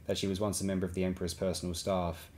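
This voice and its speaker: Guarded woman leader choosing her words read by a man, low deep voice, careful. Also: level tone, very fast, darkish tone, lightly acted. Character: guarded female leader under pressure.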